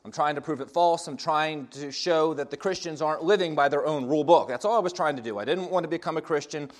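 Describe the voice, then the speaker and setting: A man's voice: fairly high pitch, quick pace. A man casually telling his personal story in a wry, self-mocking way.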